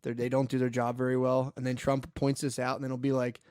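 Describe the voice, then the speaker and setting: A man's voice: mid-range voice, completely flat delivery, fast, a little mellow, clean tone, no room sound, studio quality. A young man in casual podcast banter, swearing freely and joking. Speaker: podcast co-host. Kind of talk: casual chat.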